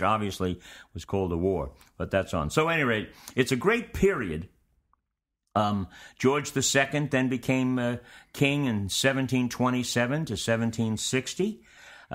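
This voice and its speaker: A man acting as host and history teacher, giving an informal, meandering lecture to his students in a relaxed, conversational way. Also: fairly low pitch.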